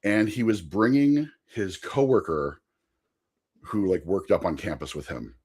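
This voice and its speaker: A man's voice: low-pitched, measured pace, a little mellow, husky. A man chatting casually on a podcast, telling a long rambling story and laughing often. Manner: chatty with frequent fillers and asides.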